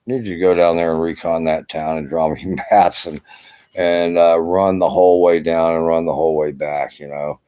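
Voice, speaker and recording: Older male veteran, low and mellow, exhausted, rambling profane vlog chat. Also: clear, resonant tone. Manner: rambling, profane, full of "you know" fillers. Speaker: army veteran vlogger. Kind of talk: casual rambling vlog monologue. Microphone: camera.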